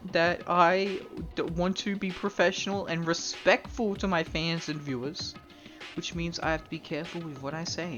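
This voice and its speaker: A man's voice: on the high side, a bit bright, highs cut off. Rambling, joking streamer guy. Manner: rambling, joking, swears freely, mock-formal bits. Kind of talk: casual live-stream chat.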